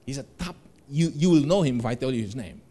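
A man's voice: medium pitch, expressive, fast, dark tone. A middle-aged man giving a motivational seminar talk, telling stories animatedly, laughing along and acting out the voices of the people in them. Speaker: seminar speaker.

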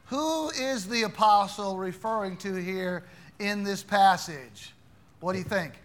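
A man with a high, ringing voice leads a Bible class, firing questions at the room. His tone is bright and forceful, and he teases wrong answers with playful mock-gravity. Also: measured pace. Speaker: Bible study teacher.

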